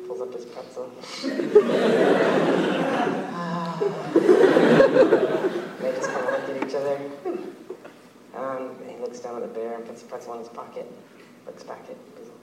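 A man excitedly narrating a cartoon story, with sound effects and laughs. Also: mid-range voice, fairly quick, echoey room, distant mic, noisy background. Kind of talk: animated storytelling of a cartoon pitch.

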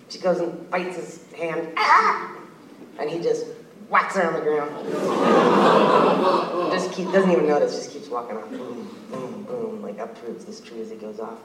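A man excitedly narrating a cartoon story, with sound effects and laughs. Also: medium pitch, moderate pace, echoey room, recorded from a distance, background noise. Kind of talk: animated storytelling of a cartoon pitch.

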